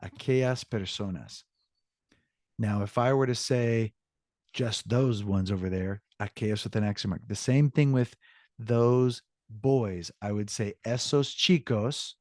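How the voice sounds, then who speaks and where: A man teaching an online Spanish lesson in an upbeat, encouraging way, often stopping to correct himself. His voice sits on the low side. The sound is dry and close, with no room around it. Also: a little slow, darkish tone, no room sound.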